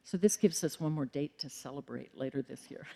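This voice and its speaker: A middle-aged woman, a librarian, giving a formal public lecture in a measured way with occasional ums and self-corrections. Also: low voice, gravelly, dark tone, breathy edge.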